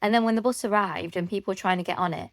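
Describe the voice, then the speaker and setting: A woman's voice: mid-range voice, very fast, no room sound, studio quality. A woman co-hosting a podcast, telling stories in casual chat and laughing often. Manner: chatty storyteller, laughs often. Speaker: podcast co-host.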